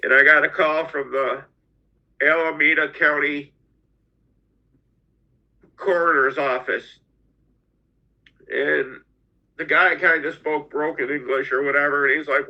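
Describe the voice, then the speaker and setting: A middle-aged man telling his own story as a podcast guest, halting and often repeating his words. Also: a little high, fairly even intonation, bright, forceful tone. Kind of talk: personal storytelling. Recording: dull lo-fi audio.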